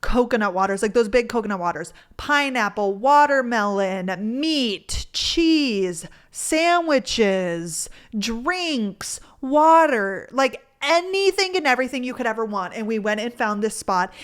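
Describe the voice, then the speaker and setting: Gushing young woman, higher voice. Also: lively intonation, a little slow, hardly any pauses, clean tone. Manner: gushing, rambling, filler-heavy with frequent "like". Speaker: vlogger. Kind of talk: casual storytime chat.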